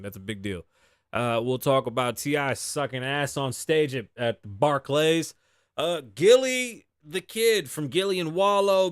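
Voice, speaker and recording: Man, show host, casual live monologue, profane, animated, slightly high voice, dry sound. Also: no echo. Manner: profane, animated storytelling with sighs and laughs. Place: Las Vegas.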